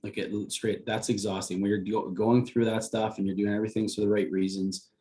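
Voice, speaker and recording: Podcast co-host: man, low voice, jokey and enthusiastic. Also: flat delivery, a little fast, dark tone. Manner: jokey, enthusiastic, asks questions. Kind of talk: casual podcast conversation.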